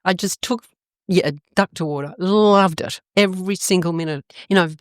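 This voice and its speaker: An older Australian woman telling stories in a casual interview, animated and expressive, her pitch jumping up suddenly. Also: normal speed, dry recording, studio quality. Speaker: guest.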